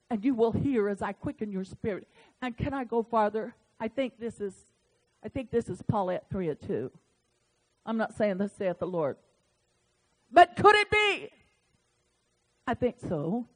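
Lady preacher, high voice, goes from real quiet to shouting, acts out little talks with god, fired up sermon. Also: sing-song, unhurried, long pauses. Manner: impassioned, swings from hushed to shouting.

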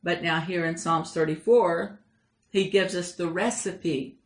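A woman preaching a sermon, reading scripture with emphatic, slowed delivery. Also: fairly low pitch, fairly even intonation, roomy sound. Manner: emphatic, slows down for scripture lines.

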